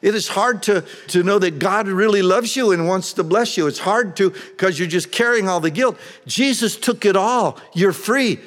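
A man preaching, his voice sitting a little high for a man and ringing out with a long hall reverb. He reads scripture, then stops to explain it in everyday terms. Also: normal speed, few pauses, fairly bright tone. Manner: expository, reads verses then explains them plainly. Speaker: pastor. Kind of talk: sermon with scripture reading.

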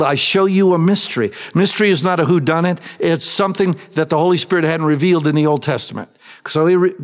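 A man with a high voice preaches a sermon. He asks the congregation questions and answers them himself. He moves between raised, emphatic lines and hushed asides, and his voice rings with the long reverb of a large hall. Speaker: pastor.

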